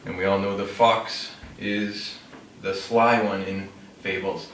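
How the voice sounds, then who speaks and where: A man's voice: low-pitched, level tone, takes it slowly, fairly bright tone. A man telling a fable in a loose, unpolished way, showing a classroom storytelling trick. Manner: unpolished, with fillers and self-corrections. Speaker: storyteller demonstrating a classroom technique. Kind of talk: casual oral storytelling. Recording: roomy, distant mic, faint noise.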